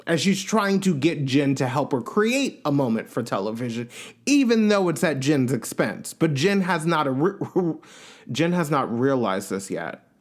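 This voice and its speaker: A man's voice: a little high, sing-song, a little slow. A man hosting a podcast, giving a casual, opinionated recap of a reality show and acting out quotes in changing voices.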